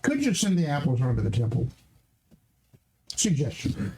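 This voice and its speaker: A man playing in a tabletop game, speaking casually and relaxed. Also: a little high, moderate pace, background noise. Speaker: player.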